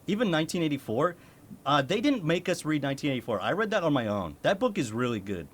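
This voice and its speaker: A man's voice: fairly high pitch, very animated, quick pace. A young man from the United States, a streamer chatting casually with his chat, laughing often and swearing.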